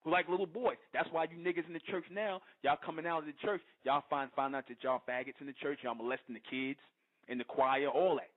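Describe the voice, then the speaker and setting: Fiery, high-voiced man preaching on air. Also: fairly even intonation, fast. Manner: emphatic, confrontational, keeps asking "you understand?"; profane and repetitive. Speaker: radio show host. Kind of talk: impassioned preaching monologue. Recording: tinny phone-like line.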